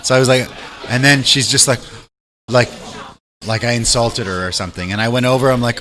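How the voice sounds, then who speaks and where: A man hosting a casual chat, telling an animated story and acting out what people said. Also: medium pitch, a little fast, pauses often. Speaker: host.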